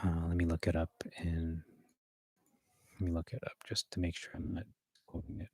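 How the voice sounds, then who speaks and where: A man with a deep, low voice rehearses a sermon, reading verses aloud between hesitant fillers and self-corrections. The sound is dry and close, with no room echo. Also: level tone, moderate pace, warm tone, husky. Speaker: preacher.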